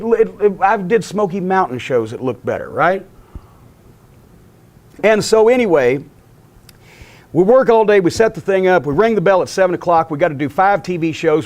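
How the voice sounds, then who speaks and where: Profane, animated older man storyteller. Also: high voice. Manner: animated, swears constantly, acts out quotes. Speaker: wrestling promoter telling stories.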